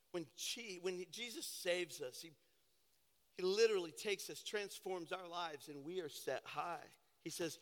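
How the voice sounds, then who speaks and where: A pastor preaching a sermon, building to impassioned, shouted declarations in a church sanctuary. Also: male voice, on the high side, moderate pace. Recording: reverberant church hall with piano.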